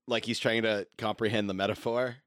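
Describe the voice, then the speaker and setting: A man's voice: on the low side, fairly even intonation, a bit bright. A man playing a tabletop game, describing his character with amused laughter. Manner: slow, amused. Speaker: player. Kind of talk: tabletop role-play chat.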